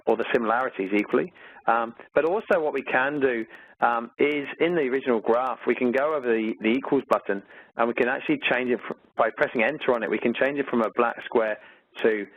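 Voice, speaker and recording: A man's voice: medium pitch, no echo. Chatty Australian man teaching over a tinny line. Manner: chatty, many fillers, upbeat about the material. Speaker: maths teacher presenting a webinar. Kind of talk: conversational teaching walkthrough. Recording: tinny phone-like webinar audio, dry.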